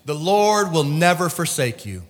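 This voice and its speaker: A middle-aged man preaching a sermon at the pulpit, emotional, swinging from shouts to hushed asides. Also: a little high, big pitch swings, a little slow, big-room sound. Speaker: pastor. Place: church sanctuary.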